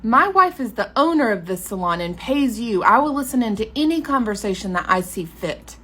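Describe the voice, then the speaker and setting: A woman's voice: on the high side, sing-song, a little fast, a bit bright, slightly rough, exaggerated voice. A woman voicing a bossy, condescending male salon boss who scolds his employee. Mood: scolding. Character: bossy male salon owner's husband, nagging and snide.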